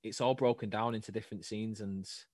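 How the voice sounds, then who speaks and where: A man's voice: lowish voice, fairly even intonation, fast talker, a little mellow, no echo. A man, an actor and comedian, chatting as a podcast guest, bantering back and swearing casually. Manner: bantering, swears, defends his craft. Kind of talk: casual chat.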